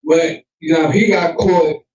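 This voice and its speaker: A man co-hosting a casual podcast, talking in a measured, rambling way with lots of fillers. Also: fairly high pitch, fairly even intonation, a little mellow. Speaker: podcast co-host. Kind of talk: casual chat. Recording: echoey, distant, dull lo-fi sound.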